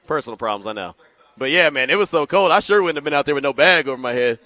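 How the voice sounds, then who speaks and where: Male talk radio host, high, bright tone, loose jokey chat, dry studio sound. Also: animated, fast talker, no echo. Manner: chatty, joking asides.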